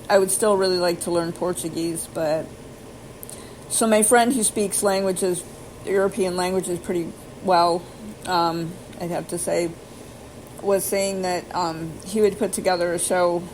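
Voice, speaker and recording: Woman, lowish voice, rambling self-deprecating vlogger, faint hiss behind. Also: a little mellow, poor audio. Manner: rambling, self-deprecating, spells words out letter by letter; slow careful pronunciation attempts. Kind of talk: casual self-taught language practice.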